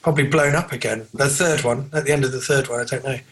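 A man's voice: medium pitch, steady tone, fast talker, fairly bright tone, slight background noise, poor audio. A man co-hosting a casual film podcast, rambling through trivia with many fillers and restarts. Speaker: podcast co-host.

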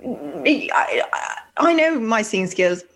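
A woman's voice: mid-range voice, very animated, takes it slowly, a bit bright. A woman co-hosting a radio dating show, bubbly and giggly, joking and teasing her co-host. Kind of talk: playful banter.

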